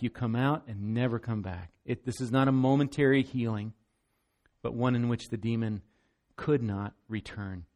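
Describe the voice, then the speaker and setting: A man's voice: medium pitch, fairly even intonation, normal speed, darkish tone. Male pastor, sermon delivery, emphatic and earnest, middle-range voice. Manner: earnest, emphatic, often repeats words.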